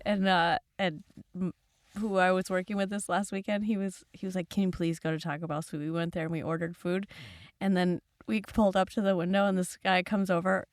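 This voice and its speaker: A woman's voice: on the low side, flat delivery, no echo, studio quality. Giggly woman podcast host. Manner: giggly, tells quick anecdotes. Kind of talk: casual chat.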